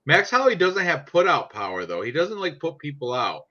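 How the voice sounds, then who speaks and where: A man's voice: on the high side, big pitch swings, brisk, pushed and bright. A man chatting casually about sports picks in a brash, profane, joking way. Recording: dull lo-fi sound.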